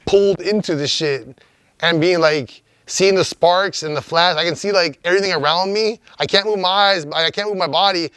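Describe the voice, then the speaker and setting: A young man from Los Angeles tells a story in a casual interview, his speech loose, profane and full of restarts. His voice sits a little high for a man. The sound is dry and close, with almost no room around it. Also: no echo. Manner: profane, rambling, animated. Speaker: graffiti writer.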